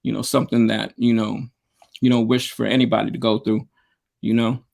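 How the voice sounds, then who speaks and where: A man's voice: on the low side, little pitch movement, a little fast, creaky, a little mellow. A man, a DJ and producer, telling stories in a casual interview, rambling with lots of fillers and slang over a video call. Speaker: guest, DJ and producer.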